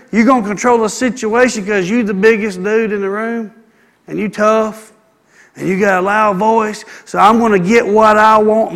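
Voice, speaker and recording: A man preaching a sermon, animated and acting out the people he quotes. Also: high-pitched, long reverb tail. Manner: animated, acts out quoted people, calls for amen.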